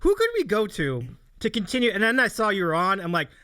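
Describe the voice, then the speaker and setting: A man's voice: high voice, big pitch swings, quick pace, bright, forceful tone, smooth. A man hosting a casual livestream talk show, telling a story in a rambling way and laughing often. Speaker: host.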